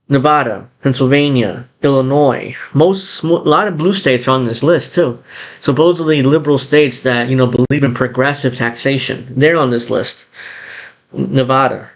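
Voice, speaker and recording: A man giving casual reaction commentary on a video, blunt and animated, swearing and laughing as he talks. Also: medium pitch, moderate pace. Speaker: YouTube commentator.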